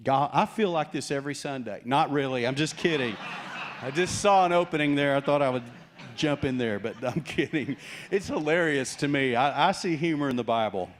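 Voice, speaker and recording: With a mid-range voice at normal speed and a little hiss or hum in the audio, a pastor preaches a lively sermon. He jokes with the congregation and performs the story's characters, voicing their quotes.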